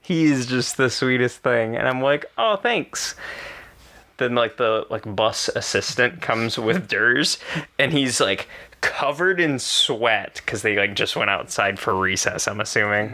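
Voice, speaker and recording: A young adult man co-hosting a podcast, chatting casually and telling animated stories with frequent laughs. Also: medium pitch. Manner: animated storyteller, laughs often. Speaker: podcast co-host. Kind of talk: casual chat.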